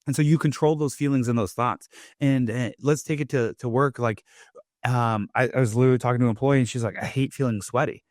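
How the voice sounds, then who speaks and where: A man's voice: medium pitch, steady tone, quick pace, a little mellow, no echo, clean studio sound. Chatty man hosting a podcast. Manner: loose, chatty, leans on "like" and "right?". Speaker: podcast host. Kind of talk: casual motivational monologue.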